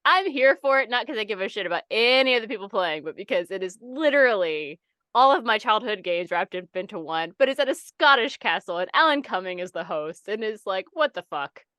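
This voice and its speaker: A young adult woman co-hosting a podcast in casual chat, animated and swearing, acting out people's reactions. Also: mid-range voice, brisk, clean tone, no room sound, studio quality. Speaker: podcast co-host.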